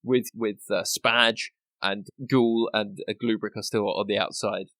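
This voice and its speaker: A man's voice: on the low side, level tone, a little slow, a bit bright, dry recording. A man narrating as game master of a tabletop role-play, laughing often and swearing casually.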